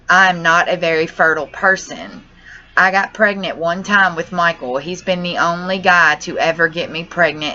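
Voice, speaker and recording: A young woman talks straight to her vlog viewers, rambling and distressed, swearing as she goes. Her voice sits a little low but has a bright, tense edge. The audio is dull and lo-fi. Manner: distressed, rambling, says y'all and cusses. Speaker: vlogger. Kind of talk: emotional personal vlog.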